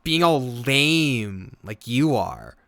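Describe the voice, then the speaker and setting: A man voicing a mischievous little girl spirit made of ink, shrill, bratty and defiant. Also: very animated, extremely slow, pushed and bright, no echo, exaggerated voice.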